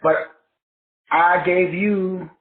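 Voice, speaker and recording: Speaking extremely slowly in a high-pitched, fairly even tone, this man teaches self-help in a preachy manner. He spells out words one letter at a time and repeats his answers emphatically to questions he poses himself. The audio is tinny, like a phone, in a room with echo.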